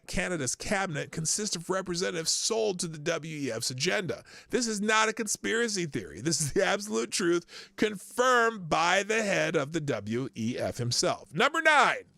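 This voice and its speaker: A man hosting a live news commentary stream, excitable and sarcastic, often breaking into laughter. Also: sits high, creaky, no echo, clean studio sound. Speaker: host of a live news show.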